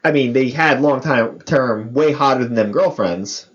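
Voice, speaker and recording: A man's voice: mid-range voice, a little slow. A man co-hosting a podcast in casual chat, joking and rambling with lots of filler words. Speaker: podcast co-host. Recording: dull lo-fi podcast audio.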